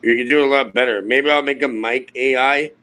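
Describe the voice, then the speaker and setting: A man's voice: medium pitch, fairly even intonation, brisk, pushed and bright, clear, resonant tone. A man from Toronto on a live video-call panel, cursing and mocking his opponent in a combative way. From Toronto, Canada. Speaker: panel guest. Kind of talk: heated argument on a live panel.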